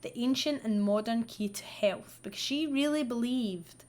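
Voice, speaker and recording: A woman's voice: fairly high pitch, normal speed, few pauses. A woman, the host, telling a true-crime story in a chatty, sweary way with wry asides while she does her makeup. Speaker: vlogger.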